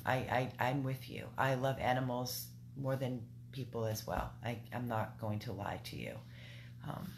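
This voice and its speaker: Speaking in a very deep, creaky voice, a woman who runs a dog rescue hosts a loose live video chat, addressing her viewers and breaking off to talk to her dogs. Her manner is talkative, with repeated words. Barking fills the indoor rescue house, and the home recording is noisy.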